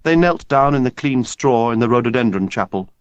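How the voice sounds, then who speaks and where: Expressive male audiobook narrator. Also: mid-range voice, smooth, dry recording, dull audio. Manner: expressive, measured storytelling. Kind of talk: scripted narration.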